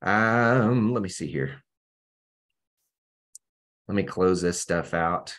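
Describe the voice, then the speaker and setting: A man's voice: deep voice, takes it slowly, a bit bright. Casual man teaching scripture over a video call. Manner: casual, keeps asking "right?". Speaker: Bible study teacher.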